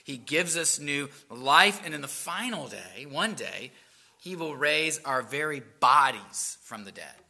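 A pastor preaches to his congregation in a strikingly bright, forward voice set a little high. He is earnest, lifting and dropping his delivery to stress each point. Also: lively intonation, a little slow. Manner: earnest, rising and falling for emphasis. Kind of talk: sermon.

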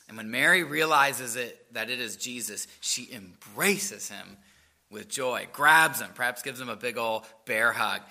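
A pastor preaches to his congregation in a strikingly bright, forward voice set a little high. He is earnest, lifting and dropping his delivery to stress each point. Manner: earnest, rising and falling for emphasis. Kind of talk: sermon.

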